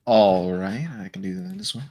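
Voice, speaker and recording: A male player at a tabletop session, speaking casually and haltingly and filling pauses with "like" and "you know". His voice sits fairly low. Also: steady tone, dark tone. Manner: casual, hesitant, lots of fillers. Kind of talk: tabletop role-play chat.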